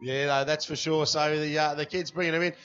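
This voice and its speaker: A man's voice: on the high side, fairly even intonation, fairly quick, fairly bright tone, muffled recording. An Australian man giving enthusiastic, slangy live powerboat race commentary, often saying "mate". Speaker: guest commentator.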